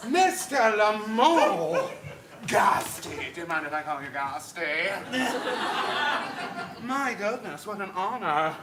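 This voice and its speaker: A man's voice: sits high, heavily acted. A man playing a vain, brassy former vaudeville star woman who bosses people around in an improv comedy scene. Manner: brassy, imperious, flirtatious. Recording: echoey stage from far off, noisy.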